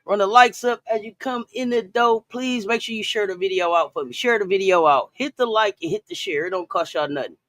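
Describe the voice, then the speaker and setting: A woman's voice: mid-range voice, fairly quick, few pauses, a bit bright. A hyped woman hosting a sports talk livestream, calling out her chat viewers by name in a loose, casual way. She speaks close to the mic in a dry room with no echo.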